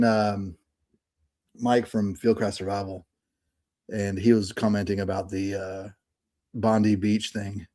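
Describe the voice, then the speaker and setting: A man in his thirties co-hosting a casual podcast over a remote call, rambling with fillers and quick bursts. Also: on the low side, darkish tone. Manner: rambling, many fillers and restarts, bursts of speed. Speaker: podcast co-host. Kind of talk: casual chat.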